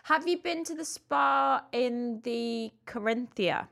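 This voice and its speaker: Woman, podcast co-host, relaxed chat, teasing questions. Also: on the high side, slow pace, creaky. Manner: easygoing, gives recommendations and asks teasing questions. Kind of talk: casual chat.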